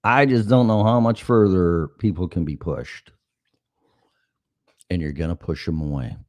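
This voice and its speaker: A middle-aged man with a deep voice hosts a talk show, speaking at a measured pace on a dry recording. He's animated and profane, telling casual stories and acting out the dialogue himself.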